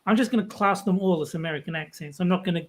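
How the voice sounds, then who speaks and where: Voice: medium pitch, rapid-fire. A speaker in a casual chat, plain-spoken with hesitant fillers.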